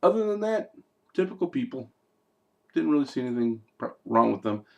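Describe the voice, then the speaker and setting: A man's voice: mid-range voice, very animated, brisk, vocal fry, a little mellow. A man giving a casual, rambling movie review, full of fillers, digressions and jokey asides. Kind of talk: casual film review vlog.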